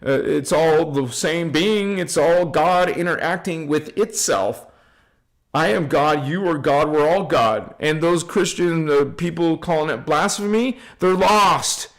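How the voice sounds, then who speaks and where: A man's voice: fairly high pitch, unhurried. Fervent man preaching spiritual oneness. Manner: emphatic, repetitive, chanting and affirming. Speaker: spiritual channel host. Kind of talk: informal spiritual talk.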